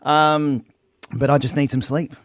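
An Australian man co-hosting a breakfast radio show in a studio, speaking emotionally with halting pauses and fillers. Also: on the high side, level tone, dry recording. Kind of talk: on-air farewell chat. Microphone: studio microphone.

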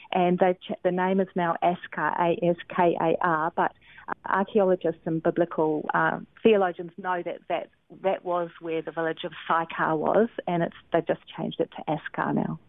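A woman's voice: lowish voice, dry recording. A woman, an author on a call-in radio show, talking thoughtfully about scripture with many ums and restarts. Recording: phone-like thin line.

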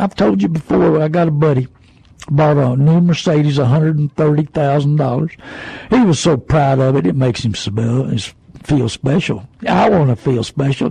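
Guy on the radio, high gravelly husky voice, dry close sound, keeps firing questions at you. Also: dry recording, rough recording. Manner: animated, mocking salesman voices, rhetorical questions. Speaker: used car dealer and radio host. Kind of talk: folksy radio talk.

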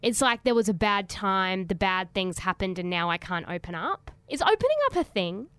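A woman co-hosting a reality TV recap podcast, talking in animated, sarcastic bursts. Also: mid-range voice, moderate pace, clear, resonant tone, no room sound. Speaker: podcast co-host. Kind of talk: casual chat.

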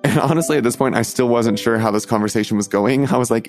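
A young man earnestly telling a personal story, halting often and restarting his sentences. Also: mid-range voice, very animated, soft background music. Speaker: storyteller recounting his coming out.

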